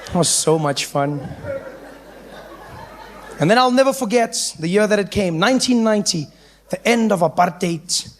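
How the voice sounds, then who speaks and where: High-voiced comedian. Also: male voice, moderate pace, long pauses, slight background noise. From South Africa. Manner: animated, slipping into voices of the people in his story. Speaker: stand-up comedian. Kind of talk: stand-up storytelling.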